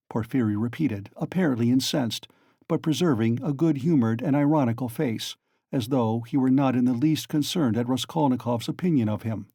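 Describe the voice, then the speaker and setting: A man narrating a classic novel as an audiobook in a measured storytelling manner. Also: medium pitch, mellow, slightly rough, no room sound, clean studio sound. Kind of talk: scripted narration.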